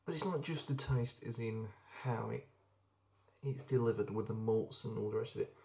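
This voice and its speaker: A young man reviews beers in a casual vlog, speaking in a lowish, darkish voice with vocal fry at a moderate pace. He's enthusiastic and rambling, with plenty of ums.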